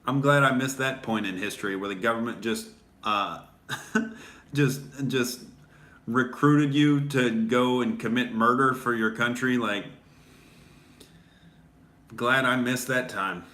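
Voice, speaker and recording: Sarcastic guy ranting comedy, swears a lot, bright sharp voice, roomy echo. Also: mid-range voice, takes it slowly, long pauses. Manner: sarcastic, mocking, swears freely. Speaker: comedian host.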